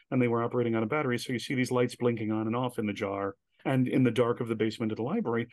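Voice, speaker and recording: A man's voice: mid-range voice, darkish tone, no room sound. A man, a guest on an interview podcast, telling stories animatedly and acting out the quoted lines. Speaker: guest, director.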